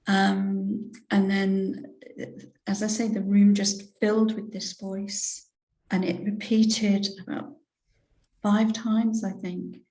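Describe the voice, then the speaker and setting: Slow, heartfelt older English woman. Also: mid-range voice, flat delivery, dark tone. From England. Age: 60s. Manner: slow, hesitant, heartfelt, with many fillers and restarts. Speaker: reverend, interview guest. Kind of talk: personal spiritual testimony in an interview. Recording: roomy echo.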